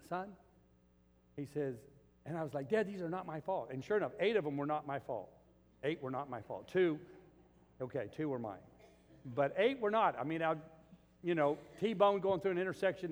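A male pastor preaching a sermon, telling a story and building to emphatic peaks. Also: fairly high pitch. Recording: long reverb of a large hall.

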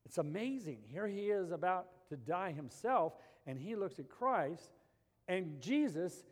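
A man preaches a sermon with a high voice, pressing hard on key lines and then falling to a hushed intensity. His words ring out with a long reverb tail, as in a large hall. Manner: animated preaching, swings between loud emphasis and quiet intensity. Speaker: pastor.

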